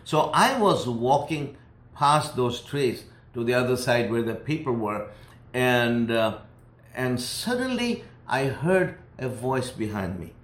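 A man's voice: medium pitch, expressive, slow. Older male preacher, rambling testimony storyteller, echoey room. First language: former Muslim who grew up speaking English at home. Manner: rambling, many fillers and restarts. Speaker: preacher telling his testimony. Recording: roomy echo.

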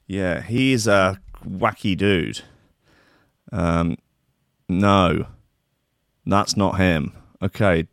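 A man's voice: lowish voice, no room sound, clean studio sound. A man hosting a show, reading out news stories and mocking them with rambling, sweary sarcasm. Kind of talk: casual comedic news commentary.

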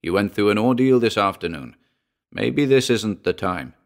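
A man voicing a kindly, practical doctor who speaks in a soothing, measured way. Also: on the low side, lively intonation, creaky.

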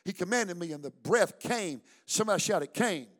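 A man preaching a fiery sermon at a church service, shouting, chanting, and calling on the congregation to answer back. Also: sits high, lively intonation, a little fast. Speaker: pastor.

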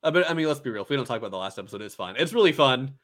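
This podcast co-host retells an anime in a loose, rambling way, heavy on fillers like "like" and "uh," with many restarts. He speaks very fast in a mid-range voice with lively intonation and a slightly bright sound.

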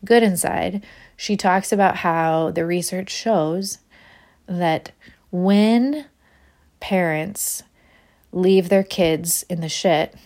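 A woman's voice: fairly low pitch, extremely slow, pauses often, a little mellow. A woman, hosting a podcast and telling a candid, self-deprecating personal story, laughing often. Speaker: podcast host.

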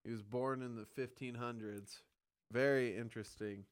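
A man's voice: mid-range voice, steady tone, moderate pace, smooth, no room sound, clean studio sound. Man bantering on a podcast. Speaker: podcast host. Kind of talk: casual chat.

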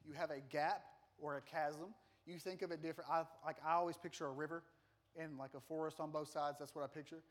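A man preaches to his congregation, spinning a lively and self-deprecating story with plenty of humor. His voice sits fairly high for a man. He speaks like a pastor used to holding a room. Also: brisk. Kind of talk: sermon with personal story.

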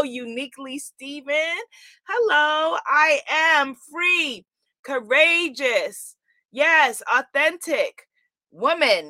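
High, bright, exuberant woman host. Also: no room sound. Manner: exuberant, affirming, repeats phrases. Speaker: livestream host. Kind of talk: spiritual livestream, reading viewer comments.

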